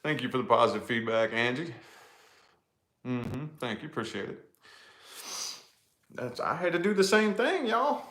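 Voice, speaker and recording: A man's voice: medium pitch, big pitch swings, normal speed, pauses often, a bit bright. Laid-back man chatting in an echoey room. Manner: laid-back, swears casually, says dude and y'all. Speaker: tarot channel host. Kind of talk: casual livestream chat.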